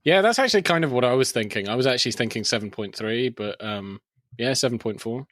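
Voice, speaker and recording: A man in easygoing podcast chat, laughing along with his friends. His mid-pitched voice is recorded close and dry, with no room around it. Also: animated, fast talker, a bit bright, no echo. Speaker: podcast co-host. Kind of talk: casual film chat.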